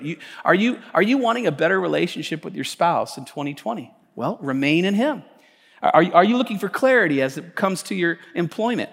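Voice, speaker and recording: A man pastor preaching a conversational sermon, stumbling over restarts and building to emphatic peaks. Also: sits high. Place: church sanctuary. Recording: church hall reverb.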